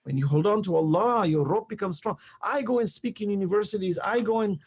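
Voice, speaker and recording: A man's voice: high voice, fairly quick, slightly rough. A man speaking as a guest on a talk show, earnest and emphatic, telling stories with quoted exchanges. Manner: animated storytelling with quoted exchanges. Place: live online show.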